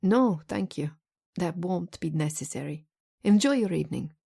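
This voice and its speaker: A hushed, formally polite man with a strong Italian accent, put on by a woman narrating an audiobook. He speaks low and softly, with a smooth, husky, mellow tone. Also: animated, normal speed, heavily acted.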